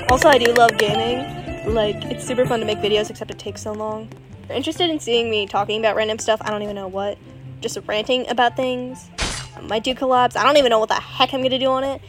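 A teenage girl hosting a gaming podcast, chatting casually and excitably while she plays, rambling and saying "literally" a lot. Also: fairly high pitch, rough recording. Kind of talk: casual gameplay commentary. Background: game music.

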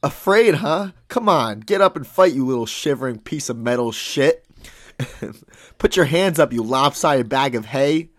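A man's voice: medium pitch, animated, a little slow, fairly bright tone. A man voicing a foul-mouthed, boastful cowardly male lion in a comedic read-through, with swaggering, crude threats. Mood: blustering.

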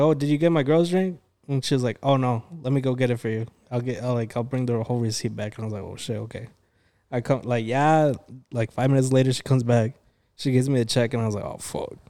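A man's voice: mid-range voice, darkish tone, clean tone. A young man chatting casually with friends, telling a long story that switches freely between English and Spanish slang and is full of swearing and quoted dialogue. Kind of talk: casual chat among friends.

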